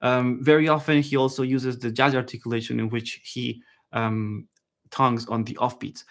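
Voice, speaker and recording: A man giving a live online saxophone lesson, relaxed and chatty, often checking in with his viewers and singing phrases to show them. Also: medium pitch, normal speed. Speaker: saxophone teacher.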